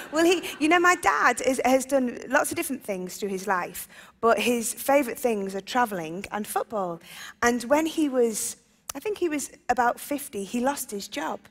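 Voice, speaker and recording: A woman's voice: fairly high pitch, lively intonation, moderate pace, long reverb tail. A woman in her thirties with a Liverpool accent, cheerfully answering interview questions. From England. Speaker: interview guest, singer. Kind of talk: casual interview chat.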